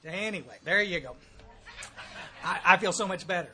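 A man's voice: sits high, lively intonation, moderate pace, background noise. A man with a thick Texas accent giving a blunt, folksy, joking talk at a recovery meeting.

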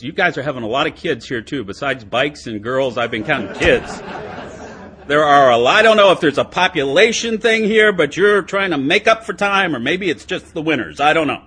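A middle-aged man giving an animated, self-mocking, humorous talk as speaker at a recovery meeting, laughing often. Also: fairly high pitch, a little fast. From United States.

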